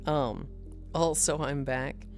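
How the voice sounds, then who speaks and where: A woman's voice: deep voice, fairly even intonation, slow, soft background music. A woman streamer chatting casually with viewers, swearing freely and laughing often.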